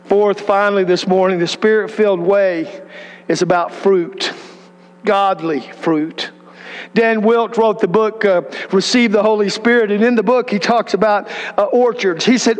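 A man's voice: very high-pitched, a little slow, big-room sound. A middle-aged man preaching a sermon, telling stories and asking the congregation questions. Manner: conversational storytelling preaching with rhetorical questions. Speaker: pastor. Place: church sanctuary.

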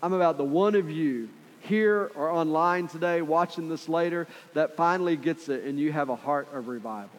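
A man's voice: fairly high pitch, moderate pace, few pauses. A man preaching a sermon with passion, repeating phrases for emphasis and acting out voices from the story. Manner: impassioned, repetitive, acts out quoted voices. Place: church sanctuary. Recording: reverberant hall with faint music.

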